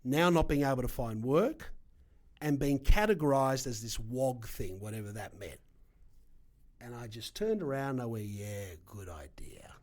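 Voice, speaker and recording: A middle-aged Australian man with an Australian accent, a guest telling his story in an animated, emphatic way with punchy asides. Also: mid-range voice, moderate pace. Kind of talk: casual storytelling interview.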